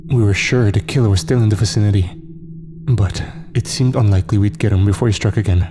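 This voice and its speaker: In a fairly low voice, a man narrates a first-person horror story, keeping his storytelling measured and tense.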